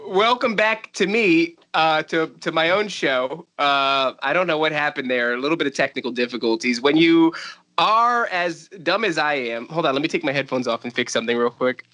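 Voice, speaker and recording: A man's voice: a little high, brisk, pushed and bright. A man hosting a podcast in casual chat, joking and teasing his guests and laughing often. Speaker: podcast host.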